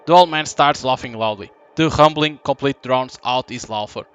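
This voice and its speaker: A man giving live gameplay commentary, reading the story text and choices aloud in an even tone. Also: mid-range voice, normal speed, clear, resonant tone, highs cut off. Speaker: gaming commentator.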